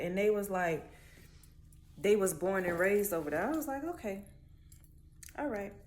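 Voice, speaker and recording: A woman with a Miami accent talks straight to her audience in a blunt, profane rant. Her voice sits at an ordinary middle pitch and she drags words out to make a point. A faint hum of ambient noise runs underneath. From Miami, Florida. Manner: blunt, profane, animated storytelling with drawn-out words. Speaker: vlogger. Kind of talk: casual ranting monologue.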